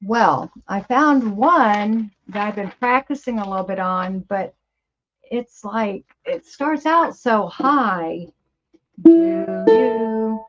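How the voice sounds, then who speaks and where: A woman's voice: mid-range voice, lively intonation, slow pace, over music. A woman over fifty hosting a casual livestream from her home studio, chatting to viewers in a rambling, easily amused way. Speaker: livestream host. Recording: slightly dull lo-fi livestream audio.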